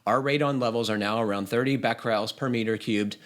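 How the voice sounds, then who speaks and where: A man's voice: medium pitch, fast. A man hosting a home-building podcast, chatting easily, laughing often and reading a listener's email aloud. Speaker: podcast host.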